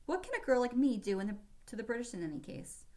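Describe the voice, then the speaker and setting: A woman's voice: fairly high pitch, big pitch swings, warm tone, voice pushed up. A woman reading aloud, voicing a spirited young servant girl who speaks earnestly. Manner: earnest, quick-tempered.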